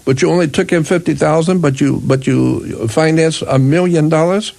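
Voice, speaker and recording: A man's voice: fairly high pitch, moderate pace, creaky, a little mellow. An older man hosting a radio talk show, explaining his views emphatically, repeating himself and restarting sentences often. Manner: emphatic, repetitive, with frequent restarts.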